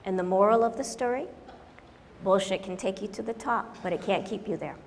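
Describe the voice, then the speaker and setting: A woman's voice: mid-range voice, brisk, in a large hall, slight background noise. A woman giving a humorous conference talk, wry and direct, telling stories to an audience. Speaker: conference speaker.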